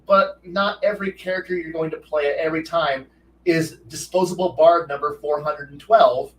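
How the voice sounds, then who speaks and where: A man's voice: fairly high pitch, moderate pace. Roomy, rambling man talking games. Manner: profane, rambling, animated with restarts. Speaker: host. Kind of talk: casual rambling talk. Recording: roomy echo, distant from mic, faint noise.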